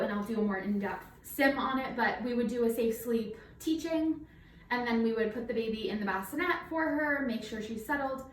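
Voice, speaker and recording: A woman's voice: on the high side, a little hiss or hum. A woman working as a night nurse, talking a little out of breath through a face mask as she teaches a nursing simulation in a chatty, informal way with many fillers. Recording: roomy echo, mic at a distance.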